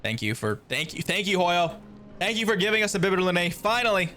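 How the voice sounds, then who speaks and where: A man streaming a reaction to a game, talking casually with animated, exasperated outbursts. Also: high-pitched, fairly quick, faint music behind.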